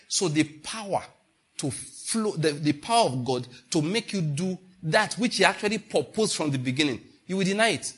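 A man preaches a sermon in an animated, storytelling way, swinging his pitch widely as he acts out voices. His voice is bright with a husky edge, and he sits a little above the usual male pitch. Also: moderate pace. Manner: animated, storytelling with laughter and acted-out quotes.

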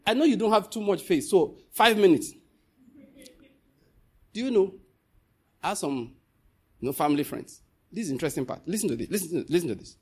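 A man preaching a sermon, telling stories and scolding his listeners, with a husky voice. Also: fairly quick, long pauses. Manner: animated, swings from loud scolding to low storytelling.

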